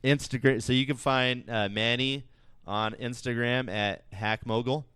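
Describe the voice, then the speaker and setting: A man's voice: mid-range voice, steady tone, unhurried, a bit bright, smooth, dry recording, clean studio sound. A man hosting a casual podcast, rambling through stories and laughing at his own jokes. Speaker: podcast host.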